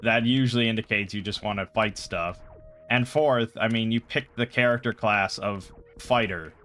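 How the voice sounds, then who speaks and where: Low-voiced rambling man telling a story. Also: moderate pace, a bit bright. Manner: rambling, exasperated storytelling with many fillers. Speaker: podcast host. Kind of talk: casual chat, retelling a game session.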